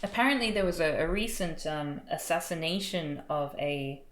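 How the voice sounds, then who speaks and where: Low-voiced young woman streaming her studies. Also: lively intonation, normal speed, echoey room. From Australia. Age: young adult. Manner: chatty, thinking aloud with many fillers. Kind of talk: casual study stream chat.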